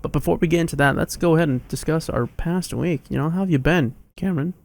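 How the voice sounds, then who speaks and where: A man's voice: fairly high pitch, fast, gravelly. A young man in his twenties hosting a casual podcast chat, upbeat and chatty. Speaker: podcast host.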